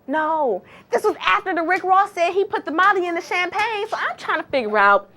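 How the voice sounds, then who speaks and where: Animated, sassy gossip-vlogging woman. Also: very high voice, normal speed. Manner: chatty, sassy, slangy and exclamatory. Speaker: entertainment gossip host. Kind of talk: casual gossip vlog.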